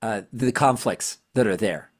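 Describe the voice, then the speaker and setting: A podcast co-host in a casual chat, sarcastic and quick to laugh. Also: medium pitch, breathy edge. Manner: animated and sarcastic, laughs often.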